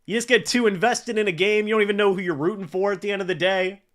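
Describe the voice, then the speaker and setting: A man hosting a live football reaction stream for his chat, excitable and swinging between loud disbelief and deflated muttering. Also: high voice, fast talker, few pauses. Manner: talks to chat. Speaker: fan livestream host. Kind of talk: live game reaction commentary.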